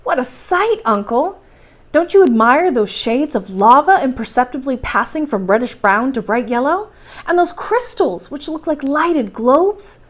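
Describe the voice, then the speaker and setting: A woman's voice: high voice, animated, a little slow. A woman doing an awed young nephew. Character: young male nephew, wide-eyed and anxious.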